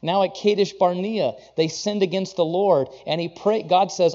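Muffled preacher man, mellow voice. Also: high voice, a little slow, few pauses. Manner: conversational, self-correcting, rises into emphatic scripture quotes. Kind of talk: sermon.

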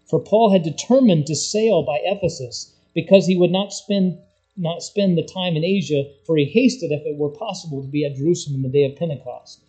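Animated preacher, a man with a dark tone. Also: on the high side, husky, low-quality recording. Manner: animated storytelling, quoting scripture, rising to loud bursts. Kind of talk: sermon.

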